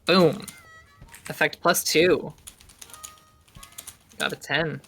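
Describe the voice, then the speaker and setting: A woman with a low voice speaks as a player in a tabletop game. She chats and grumbles in character. Faint music plays behind her. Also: fairly even intonation, drawn-out words, a bit bright, slightly rough.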